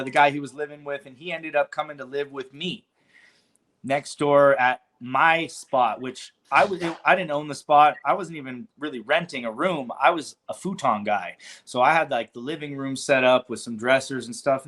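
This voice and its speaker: A relaxed man in his forties, from California, spins long stories as a podcast guest. He talks loosely in slang, swears casually and fills pauses with ums, at an ordinary mid pitch. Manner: laid-back, slangy, swears freely, many ums. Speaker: podcast guest, cannabis business founder. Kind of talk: casual storytelling interview.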